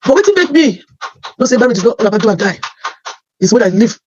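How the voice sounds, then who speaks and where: A woman with a Nigerian accent telling her life story as emotional personal testimony, halting and often repeating her phrases. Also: on the high side, big pitch swings, darkish tone, dull audio, a little hiss or hum.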